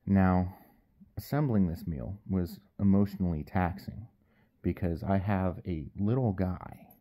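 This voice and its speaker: A man's voice: sits low, a little slow, mellow, no room sound. A man who is a powerlifter and audiobook narrator, talking in a casual vlog with a wry, joking, self-deprecating manner.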